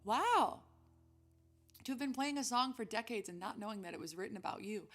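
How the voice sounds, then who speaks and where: A woman's voice: on the high side, animated, brisk, a bit bright. A young woman hosting a weekly music stream, chatting casually and giggling as she thinks aloud between songs.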